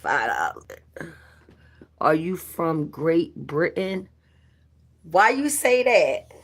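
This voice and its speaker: Slow-talking woman livestreaming. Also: low-pitched, sing-song, breathy edge. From New Jersey. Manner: chatty, playful, greeting viewers by name. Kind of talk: casual live-stream chat.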